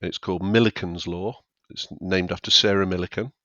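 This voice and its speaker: A man's voice: deep voice, fairly even intonation, brisk, pushed and bright, dry recording, highs cut off. A man, a stand-up comedian talking casually on a podcast and often acting out what people say. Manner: chatty, acts out quotes of himself and others.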